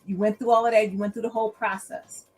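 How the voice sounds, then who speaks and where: A woman guest in a casual chat, talking in an animated way and acting out other people's voices. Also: mid-range voice, fast talker, soft background music, rough recording. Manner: animated, acts out characters' voices. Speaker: guest, author.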